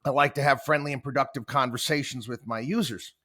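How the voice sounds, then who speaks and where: A man's voice: medium pitch, steady tone, a little fast, pushed and bright. A man voicing an insistent AI chatbot that grows stiff, self-assured and scolding. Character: insistent, prickly AI chatbot, male-voiced.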